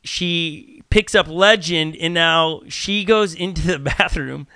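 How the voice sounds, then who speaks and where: A man, a pastor hosting a casual church podcast, talking in an animated way, acting out little dialogues and often restarting his sentences. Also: on the high side, takes it slowly, smooth, no room sound, studio quality. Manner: animated, acts out quoted dialogue, frequent restarts. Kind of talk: casual chat.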